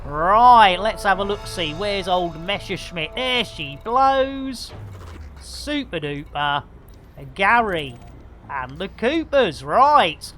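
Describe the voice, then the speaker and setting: A man chats slowly through his game stream, his voice bouncing all over the place. He keeps up a stream of puns and silly banter with his viewers. Faint music plays in the background. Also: high-pitched, lively intonation, fairly bright tone. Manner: jokey, punning banter with viewers. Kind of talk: live game stream commentary.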